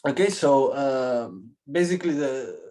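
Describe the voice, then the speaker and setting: A man's voice: mid-range voice, very animated, measured pace, warm tone. A man giving a conversational academic conference discussion of a paper, with personal asides.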